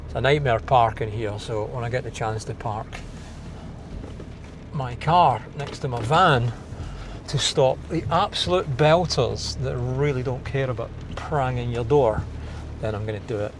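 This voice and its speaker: Working inside a parked car, this Scottish DIY car video host talks through an install casually, thinking out loud and making jokes at his own expense. His voice is medium in pitch and unhurried, and the background is noisy.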